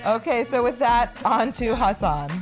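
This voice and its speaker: A woman's voice: a little high, animated, measured pace, music in the background. A woman co-hosting an interview show and making chatty, jokey asides. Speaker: podcast co-host. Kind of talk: casual chat.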